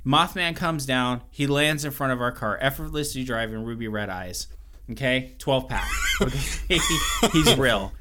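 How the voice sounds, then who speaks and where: A man co-hosting a podcast in casual chat, animated and joking as he tells stories. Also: medium pitch, measured pace, a little hiss or hum. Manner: animated, joking storyteller, swears freely. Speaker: podcast co-host.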